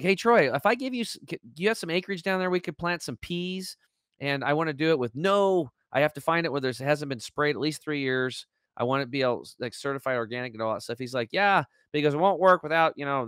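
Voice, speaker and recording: A man's voice: medium pitch, a bit bright, no room sound. A man talking as an interview guest over a video call, his voice dry and close. He tells his story with feeling, acting out what people said and leaning on fillers and restarts. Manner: emotional storytelling, acts out quoted dialogue, filler-heavy.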